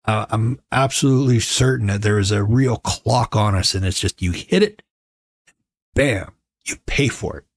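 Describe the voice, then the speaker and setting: A man's voice: on the low side, moderate pace, no room sound, clean studio sound. A man in his forties hosting a casual show from home, telling stories in a wry, joking, conversational way. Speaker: podcast host. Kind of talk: casual storytelling monologue.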